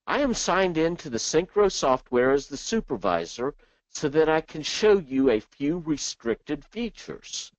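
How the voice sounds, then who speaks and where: A man presenting a software training webinar in a chatty way, dropping joking asides between explanations. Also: a little high, big pitch swings, measured pace, no room sound. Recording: dull dry lo-fi sound.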